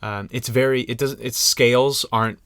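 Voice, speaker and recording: A man's voice: medium pitch, steady tone, moderate pace, a bit bright, no room sound, clean studio sound. A young man co-hosting a podcast in casual chat, joking and rambling with frequent laughs. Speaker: podcast co-host.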